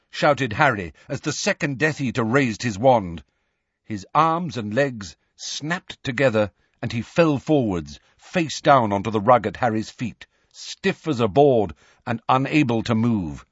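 A man reading an audiobook as narrator, in a dramatic, lively way. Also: medium pitch, slightly rough, no echo, highs cut off. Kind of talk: scripted narration.

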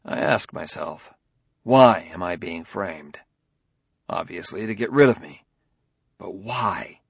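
A man's voice: low-pitched, animated, takes it slowly, vocal fry, slightly rough, dry recording, exaggerated voice. A man playing a tense, hunted detective. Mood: anxious. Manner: urgent, anxious reasoning aloud. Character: tense, hunted male human police detective. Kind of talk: audiobook dialogue reading.

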